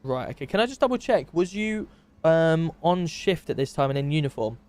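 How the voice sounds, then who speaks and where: A man's voice: on the high side, lively intonation, brisk, darkish tone, lightly acted. A man playing a methodical male police interviewer in a game role-play, carefully recapping and double-checking each detail.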